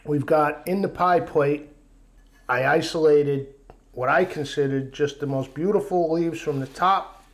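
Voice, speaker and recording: A middle-aged man from Long Island hosting a cooking vlog, telling a rambling, animated story in a casual chat. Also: a little high, unhurried, no room sound.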